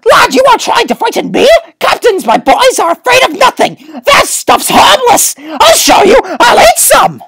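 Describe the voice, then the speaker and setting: A woman's voice: very high-pitched, very animated, a little slow, gravelly, hardly any pauses, a bit bright, exaggerated voice. A woman reading aloud, dropping her voice to play a vain, smug guard captain who scoffs.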